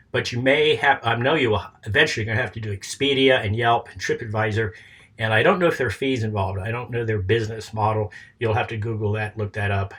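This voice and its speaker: Casual presenter, male, husky voice, rambling coaching delivery that keeps checking in. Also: mid-range voice, fairly bright tone. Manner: rambling and informal, often checks in with "okay?" and "all right?"; coaching, advice-giving tone. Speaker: presenter explaining a business plan. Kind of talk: casual walkthrough of a plan.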